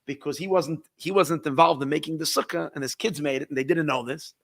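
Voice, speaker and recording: A man, a rabbi, telling a long story in a halting way, often restarting and repeating words, with Yiddish words mixed in. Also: on the high side, creaky, fairly bright tone, dry recording, clean studio sound. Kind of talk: storytelling talk.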